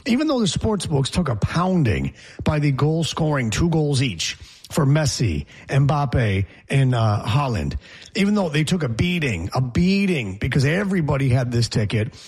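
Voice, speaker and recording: A man's voice: medium pitch, big pitch swings, normal speed, darkish tone, husky. A man hosting a sports talk show, opinionated and rambling as he jokes through the banter.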